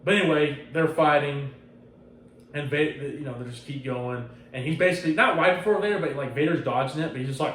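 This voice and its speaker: A man hosting a podcast, chatting casually in a loose, profane, animated way. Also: fairly high pitch, brisk, recorded from a distance, slight background noise. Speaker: podcast host. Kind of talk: casual chat. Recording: roomy echo, off-mic, faint ambience.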